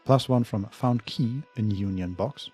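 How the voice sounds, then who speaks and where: Co-hosting a let's play, a man chats casually while methodically reading out the game's checks and bonuses. His voice is fairly low, dark and husky, and he takes his time. Faint music plays behind him.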